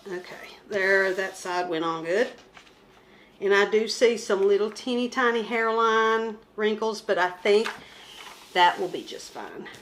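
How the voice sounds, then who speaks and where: A woman's voice: medium pitch, unhurried, a bit bright, a little hiss or hum. A woman chatting casually as she shows her craft kit, rambling and joking about herself. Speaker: crafting vlogger. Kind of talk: casual show-and-tell chat.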